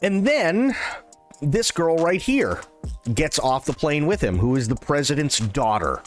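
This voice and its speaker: A man streaming live, casually retelling a film in an animated, irreverent way with plenty of swearing. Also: on the high side, measured pace, soft background music.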